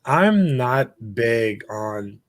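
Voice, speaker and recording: A man's voice: medium pitch, sing-song, very slow, dry recording, studio quality. A man talking as a guest on a casual podcast, easygoing and frank, laughing often.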